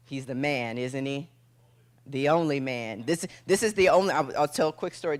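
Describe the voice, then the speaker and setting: A woman giving a motivational keynote speech on stage, telling a dramatic story in short punchy phrases and dropping to a hush at tense moments. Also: low voice. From United States. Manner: acts out quoted voices, drops to a hush for tense moments. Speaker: motivational speaker. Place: event stage before an audience.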